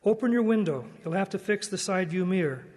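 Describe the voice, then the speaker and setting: A man reading the part of a sick old grandfather who speaks slowly, softly and weakly. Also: high-pitched, expressive, long reverb tail. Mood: weak, gentle. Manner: slow, weak and soft. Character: weak, sick old grandfather, gentle and calm.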